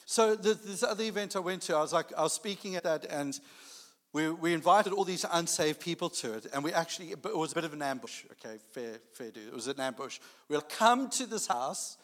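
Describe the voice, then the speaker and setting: A man preaching a sermon, telling a personal story with lively acted-out dialogue. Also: on the high side, brisk, long reverb tail. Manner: animated storytelling, acting out dialogue.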